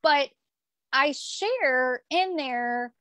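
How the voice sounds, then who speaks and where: Young woman, higher voice, earnest storytelling, repeats for emphasis, dry close sound. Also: lively intonation, drawn-out words, fairly bright tone, no room sound. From United States. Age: young adult. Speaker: podcast guest, author. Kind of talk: emotional personal storytelling.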